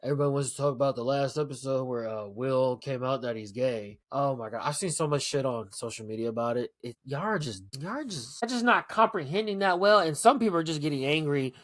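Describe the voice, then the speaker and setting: A man hosting a solo podcast, talking casually in a blunt, profane, animated rant. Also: mid-range voice, brisk, hardly any pauses, dry recording, studio quality. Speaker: podcast host.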